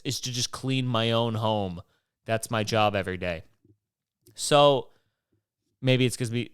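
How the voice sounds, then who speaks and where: A man's voice: on the high side, fairly bright tone, clear, resonant tone, no room sound, clean studio sound. A young man hosting his own show, rambling on his own in a casual, profane rant full of restarts. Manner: rambling, swears often, many restarts. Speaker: podcast host.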